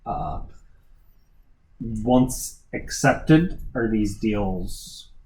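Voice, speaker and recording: A man's voice: on the low side, animated, very slow, mellow, reverberant, slight background noise, low-quality recording. A man voicing Harmony, a cautious female adventurer who asks careful questions, with many hesitations and restarts. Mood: probing.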